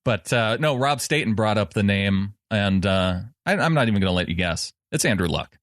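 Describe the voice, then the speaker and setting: A man's voice: on the low side, expressive, normal speed, a bit bright, no echo, clean studio sound. A man co-hosting a sports podcast, chatting in an easygoing way and laughing often. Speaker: podcast co-host. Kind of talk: casual sports chat.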